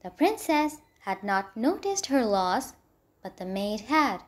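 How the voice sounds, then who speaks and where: Slow high-voiced woman storyteller. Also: sing-song. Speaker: narrator. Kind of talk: storybook reading.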